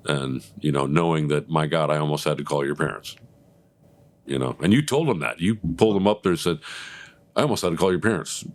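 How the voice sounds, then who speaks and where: A man hosting a casual chat, relaxed and agreeable, chiming in often and laughing easily. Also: extremely low pitch, fairly quick. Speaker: host.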